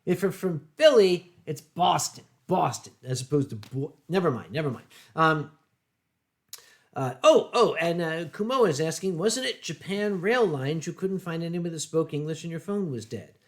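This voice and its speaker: A middle-aged man hosting a casual stream, telling wry, drawn-out anecdotes with deadpan punchlines. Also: on the high side. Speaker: streamer host. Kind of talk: casual storytelling chat.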